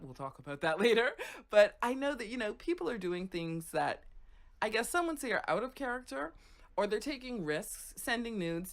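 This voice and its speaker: A woman host from Florida telling a casual, chatty story, often checking in with "right?" and "okay?". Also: fairly low pitch. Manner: animated, conversational, frequent "right?" and "okay?".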